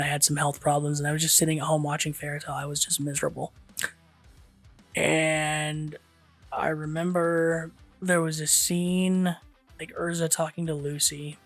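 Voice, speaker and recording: Man, podcast guest, earnest, slightly higher voice, faint music behind. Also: gravelly, a bit bright. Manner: earnest, opens up about a hard time. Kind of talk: casual chat.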